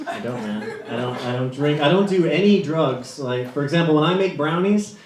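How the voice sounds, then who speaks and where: A man's voice: fairly high pitch, animated, fairly quick, very noisy. A young man doing a stand-up comedy set in a club, chatty and self-mocking, with loose fillers. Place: comedy club stage before a live audience. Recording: echoey club with crowd laughter.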